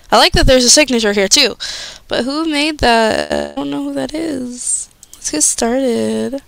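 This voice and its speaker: A woman's voice: high voice, wildly swooping pitch, a little slow, creaky, a bit bright, clean tone, no room sound. Bubbly young woman streaming casually. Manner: bubbly, gushing, squealing often. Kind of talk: casual live-stream chat.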